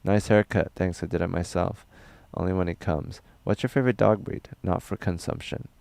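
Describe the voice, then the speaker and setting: Low, gravelly man with crisp dry voice. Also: moderate pace, no room sound. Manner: loose, rambling, crude, deadpan. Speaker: comedian livestreaming, reading chat. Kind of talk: casual livestream chat.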